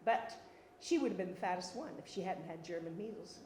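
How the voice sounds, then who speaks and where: A woman's voice: lowish voice, expressive, a little fast, a little mellow, echoey room, a little hiss or hum. An older woman telling a wry, funny life story as a one-woman stage monologue. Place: theatre stage.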